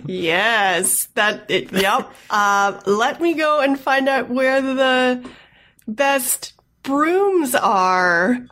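A woman's voice: high-pitched, lively intonation, drawn-out words, fairly bright tone. A woman playing her character in a tabletop role-playing game, wry and understated. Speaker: player.

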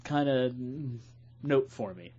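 A man's voice: medium pitch, expressive, takes it slowly, warm tone, lo-fi sound. A man hosting a podcast, bantering loosely and laughing with friends. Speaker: podcast host. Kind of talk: casual podcast chat.

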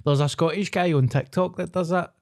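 A man with a Glaswegian accent, co-hosting a podcast and gossiping in quick, rambling, sweary chat. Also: fairly high pitch, steady tone, vocal fry, a little mellow. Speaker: podcast co-host. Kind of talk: casual chat.

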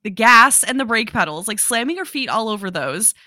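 A woman's voice: a little high, lively intonation, fairly quick, pushed and bright, dry recording, clean studio sound. A young adult woman co-hosting a podcast, explaining a movie's background at length and recounting scenes play by play. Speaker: podcast co-host. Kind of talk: casual movie discussion.

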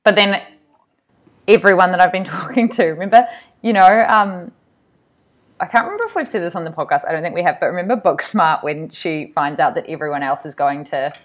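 A young woman co-hosting a podcast, telling animated stories and acting out what people said. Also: on the low side, brisk. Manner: animated storyteller, acts out quotes. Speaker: podcast co-host. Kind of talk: casual chat. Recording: muffled sound.

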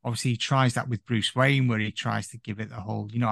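A man's voice: medium pitch, fairly even intonation, fast talker, creaky, fairly bright tone, dry recording, studio quality. A man guest on a podcast, chatting casually about a film in a rambling way, full of "you know".

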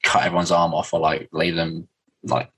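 Deep husky-voiced laid-back man. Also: flat delivery, normal speed, a bit bright, low-quality recording. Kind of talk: casual comic-book discussion podcast.

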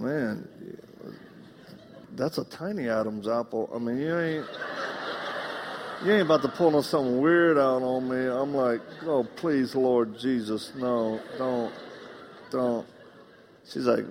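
Southern male preacher, gravelly voice, comic storyteller; long hall reverb. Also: medium pitch, a little hiss or hum. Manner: humorous storytelling, acts out dialogue. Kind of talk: live sermon. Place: church.

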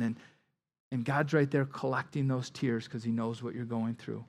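A male pastor preaches a Bible-study sermon conversationally at normal speed and a steady tone, peppering it with "like" and "right?" asides and repeated words. He drops low and quiet on somber lines and rises louder for emphasis.

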